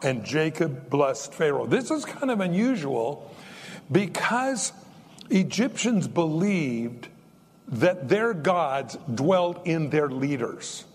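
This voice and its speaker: Older man, preacher, folksy sermon, lively swooping pitch, high voice. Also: slow, husky. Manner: folksy, animated, jokes between points. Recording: long hall reverb.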